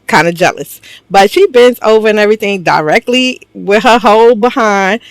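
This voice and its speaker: A woman's voice: mid-range voice, normal speed, dry recording. A woman casually recapping a TV drama episode for her viewers, gossipy and slangy, laughing often. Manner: slangy, talks straight to viewers.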